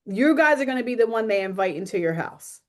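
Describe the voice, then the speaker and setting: A woman's voice: on the high side, fast talker. A woman social worker speaking as a guest on a video call, telling stories with humor and a frank, realistic manner. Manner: lively storytelling with acted quotes. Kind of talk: webinar talk.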